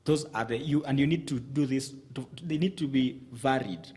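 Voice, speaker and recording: A man's voice: medium pitch, normal speed, mellow. A man giving communication advice in a TV studio, speaking methodically, listing his points and often restarting his sentences. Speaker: communication coach guest.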